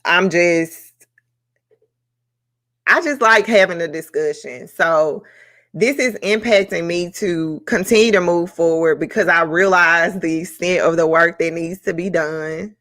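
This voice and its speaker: A woman hosts a live-streamed book club, talking slowly and taking her time between thoughts. Her voice is bright and forward, and she sounds reflective and openly emotional, with plenty of fillers and pauses. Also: lowish voice.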